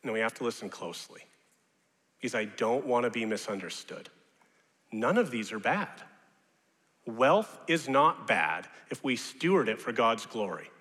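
A man preaching a sermon as pastor, animated and rising now and then to loud mocking shouts. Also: mid-range voice, moderate pace. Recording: long reverb of a large hall.

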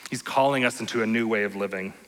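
A man preaching a sermon as pastor, earnest and steady, often checking in with his listeners by asking "right?". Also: on the low side, fast, long reverb tail, poor audio. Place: church sanctuary.

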